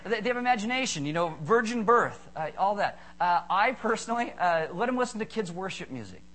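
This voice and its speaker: A male pastor giving a jokey, animated sermon, acting out little voices as he tells his stories. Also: high voice, brisk. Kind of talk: humorous sermon.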